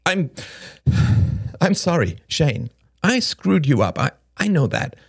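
Brief: restless, sharp-tongued young woman in an audiobook, lively swooping pitch, dry close sound, voiced by a male reader. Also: vocal fry, husky, no room sound, heavily acted. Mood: pleading. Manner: rapid, restless, sardonic rambling. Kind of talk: audiobook character reading.

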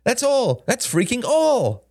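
A man reading an audiobook, voicing a jittery, brash young woman who rambles fast and sardonically. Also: very high-pitched, huge pitch swings, a little mellow, no echo, clean studio sound, voice pushed up, exaggerated voice. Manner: rapid, restless, sardonic rambling.

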